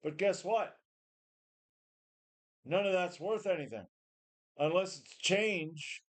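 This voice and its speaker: A man's voice: high-pitched, slow pace. A tired, run-down man ranting in a rambling, profane way, often repeating and restarting. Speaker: home gym vlogger. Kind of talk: casual rant to camera.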